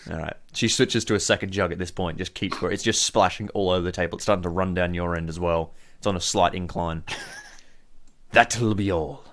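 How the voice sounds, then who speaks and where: Low-voiced man running a tabletop game. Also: steady tone, fast talker, few pauses, fairly bright tone. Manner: casual, swearing, laughs often. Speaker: game master.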